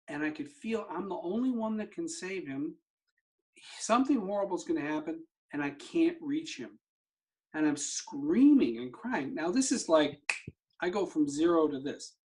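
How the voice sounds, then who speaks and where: A man's voice: on the high side, lively intonation, normal speed. A middle-aged man, a therapy practitioner, telling a personal story in conversation and acting out the dialogue he remembers. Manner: vivid storyteller who acts out remembered dialogue. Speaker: somatic therapy practitioner, guest.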